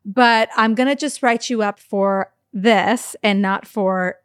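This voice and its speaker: A woman's voice: medium pitch, slow pace, clean tone, no echo. Chatty storytelling woman, dry close mic. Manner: animated storytelling, acting out voices, lots of laughter. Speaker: podcast co-host. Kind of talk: casual chat.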